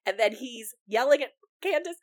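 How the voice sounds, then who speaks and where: A woman co-hosting a casual podcast, retelling events with animated quotes. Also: fairly high pitch, moderate pace. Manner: animated storytelling, quoting people. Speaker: podcast co-host. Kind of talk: casual recap chat.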